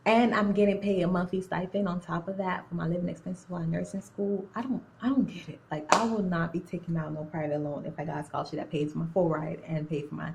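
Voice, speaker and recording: A young woman in nursing school telling a story in a casual, animated, slangy way, drifting in and out of an accent. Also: lowish voice, fast talker, gravelly, few pauses, slight background noise, low-quality recording. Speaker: nursing student. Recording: phone-recorded video.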